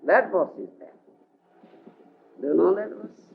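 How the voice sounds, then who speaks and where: A man's voice: sits high, animated, unhurried, vocal fry, phone-quality sound, slight background noise. A man giving a scripture lecture, often checking whether his listeners follow him, on an old lecture tape. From India. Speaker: spiritual teacher.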